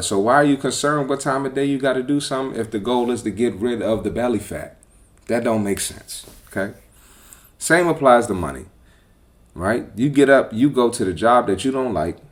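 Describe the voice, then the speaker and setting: A man hosting a podcast as a personal trainer, talking bluntly and with profanity in a casual, animated monologue. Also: medium pitch.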